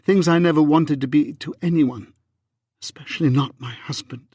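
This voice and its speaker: Man voicing a wounded young Regency wife, husky, restrained, dry close audiobook sound. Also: a little high, moderate pace, darkish tone, no room sound, voice pushed up. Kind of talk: audiobook reading.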